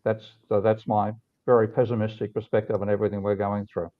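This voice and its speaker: A man's voice: lowish voice, flat delivery. Man talking over a tinny line. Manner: earnest, halting, with many restarts. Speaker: host. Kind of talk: livestream discussion. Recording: tinny phone-like call audio.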